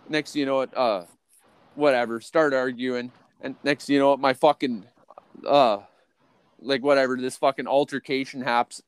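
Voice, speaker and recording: A man co-hosting a podcast, telling a long story in a profane, rambling, excitable way. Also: fairly high pitch, no room sound. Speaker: podcast co-host. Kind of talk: casual storytelling.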